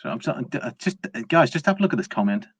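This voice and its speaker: A man's voice: mid-range voice, big pitch swings, fast, slightly rough, dry recording. A British man hosting a casual live stream, reading out viewer comments and rambling through his views with lots of "uh" and restarts. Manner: rambling, with frequent fillers and restarts. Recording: dry, slightly dull lo-fi sound.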